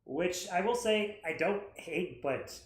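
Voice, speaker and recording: A man's voice: sits high, expressive, slow pace. A man co-hosting a stream, chatting casually about a movie and searching for his words. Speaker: stream co-host. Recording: echoey room.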